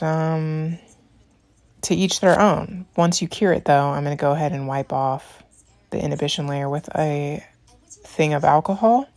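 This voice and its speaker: A young woman who makes nail tutorials talks through her routine in a casual, chatty voice-over, rambling into side stories, saying "like" between steps and laughing as she talks. Her voice is low and darkish with lots of vocal fry, in a dry recording.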